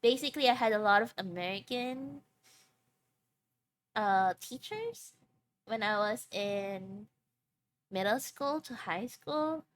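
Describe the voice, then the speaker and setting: A woman's voice: medium pitch, lively intonation, slow, pauses often, slight background noise. A young woman, a streamer chatting casually and rambling between giggles. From Philippines. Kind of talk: casual live-stream chat.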